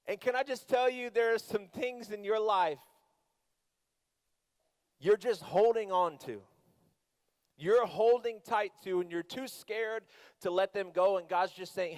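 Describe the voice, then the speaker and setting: Animated middle-aged youth pastor preaching. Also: male voice, high voice, unhurried. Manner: animated, conversational storytelling with asides. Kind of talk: sermon with personal story.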